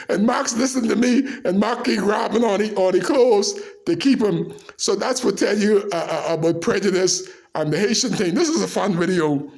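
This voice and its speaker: A man with a slightly higher voice, telling loose, animated stories straight to camera. He laughs his way through, leans hard on local dialect and jumps between tangents. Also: moderate pace, vocal fry. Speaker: storyteller. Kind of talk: casual storytelling to camera.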